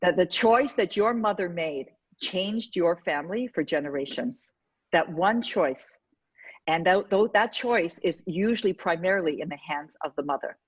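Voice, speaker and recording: A woman educator, interviewed in a conversational setting, argues her points emphatically and persuasively. Her fairly low, husky voice has lively intonation and moves a little fast, captured in a dull, dry lo-fi recording.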